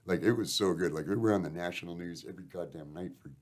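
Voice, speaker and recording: Low-pitched and fast-talking, this Canadian man is a band member on a radio show in a casual storytelling interview, rambling at length with plenty of swearing and "eh."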